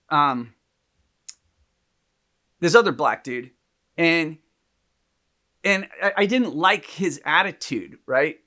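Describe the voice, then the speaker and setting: A podcast co-host who is a psychologist tells a story in casual conversation, laughing a lot and restarting often. His voice is high-pitched with a sharp tone.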